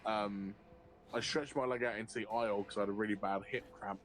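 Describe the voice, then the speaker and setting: A man streaming a game, telling a long anecdote in a profane, animated way and often laughing. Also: lowish voice, brisk. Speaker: livestreamer. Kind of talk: casual storytelling while gaming.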